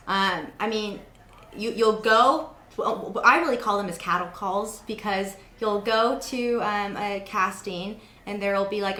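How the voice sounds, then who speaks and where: A young woman with a sharp, mid-range voice hosts an interview, chatting casually and telling stories stuffed with fillers. The sound is roomy.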